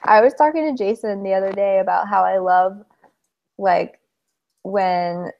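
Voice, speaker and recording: A woman's voice: medium pitch, unhurried, gravelly, long pauses, darkish tone. Young woman, casual podcast co-host, chatty storyteller, laughs easily. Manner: chatty, tells stories, laughs often. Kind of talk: casual chat.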